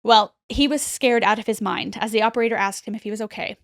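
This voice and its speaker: A woman with a slightly high voice tells an eerie story as a podcast host, lively and chatty, jumping into the quotes she retells. Her voice sits close to the mic with a dry, dead sound. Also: fast, creaky, no echo. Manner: animated retelling, acts out quotes.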